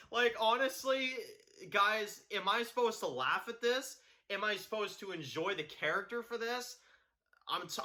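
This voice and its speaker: Male reviewer, heated, blunt, profane, bright tone, somewhat high pitch. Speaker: TV show reviewer. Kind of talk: ranting video review.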